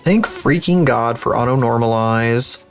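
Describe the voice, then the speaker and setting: A man's voice: medium pitch, measured pace, faint music behind. Rambling, foul-mouthed male streamer. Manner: rambling, profane, self-mocking. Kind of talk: casual live-stream chat while working.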